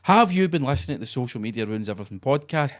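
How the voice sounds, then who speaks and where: A man's voice: medium pitch, lively intonation, fast. A Scottish man in his forties, co-hosting a podcast in sweary, mocking casual chat. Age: 40s. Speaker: podcast co-host.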